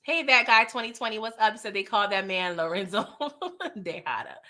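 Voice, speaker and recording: Lively, bright-voiced woman recapping a show. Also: medium pitch, normal speed. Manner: animated, playful, acts out characters' lines; chats with live viewers. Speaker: TV recap host. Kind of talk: casual recap and review chat.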